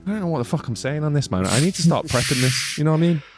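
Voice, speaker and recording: Swearing, laid-back podcast co-host. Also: male voice, a little high, expressive, quick pace, over music. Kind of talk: casual chat.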